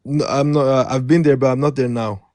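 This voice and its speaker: Calm male caller, dry sound. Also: medium pitch, fairly quick, no room sound. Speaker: caller on a live stream. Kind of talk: casual call-in chat.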